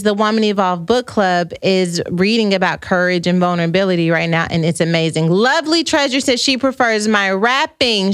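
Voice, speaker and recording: A woman's voice: mid-range voice, fairly bright tone, no room sound, clean studio sound. A middle-aged woman hosting a podcast, chatting playfully with viewers and reading out their comments. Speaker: podcast host. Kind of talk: casual livestream chat with viewers.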